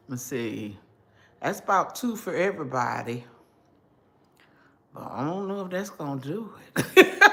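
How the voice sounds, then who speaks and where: A woman's voice: deep voice, bright, forceful tone, slight background noise. An older woman hosting a casual cooking livestream, chatty and homey, talking straight to her viewers through a phone. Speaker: cooking channel host.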